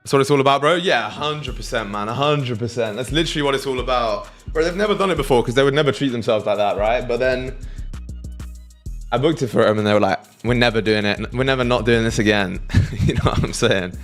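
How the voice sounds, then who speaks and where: A man's voice: mid-range voice, fast, soft background music. A young British man chatting casually on a live trading stream, slangy and talking straight to his chat.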